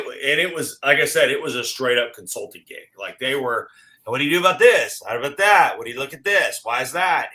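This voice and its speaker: Bright-voiced man telling a story. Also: medium pitch, rough recording. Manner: animated, acts out quoted exchanges. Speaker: guest. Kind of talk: casual storytelling chat.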